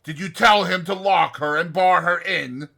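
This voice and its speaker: A dying man raves in terror at a ghost only he can see, pleading in high, loud, frantic cries, as a man puts him on in an audiobook. His voice is bright and strained. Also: normal speed, vocal fry, exaggerated voice. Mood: terrified. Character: terrified, raving dying man seeing a ghost.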